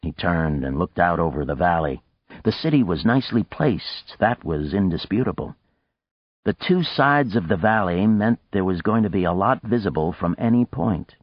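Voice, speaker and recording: A man narrating an audiobook in a measured, expressive way, in a dry, dull lo-fi recording. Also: deep voice, breathy edge, no room sound.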